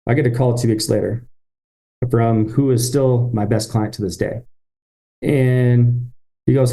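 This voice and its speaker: A man's voice: medium pitch, steady tone, measured pace, mellow. A man, a business-owner guest on a podcast, telling a story and acting out his own past thoughts and phone calls.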